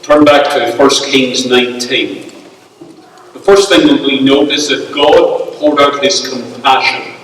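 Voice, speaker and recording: A male pastor, preaching a sermon in a measured, emphatic way with pauses. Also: mid-range voice, steady tone, a bit bright. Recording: echoey hall, speaker far from mic.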